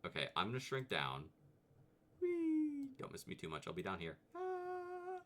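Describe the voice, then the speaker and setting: Animated low-voiced vtuber man. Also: quick pace. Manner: rambling and animated, laughing, jumping into high mock voices. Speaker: vtuber host. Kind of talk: casual video commentary.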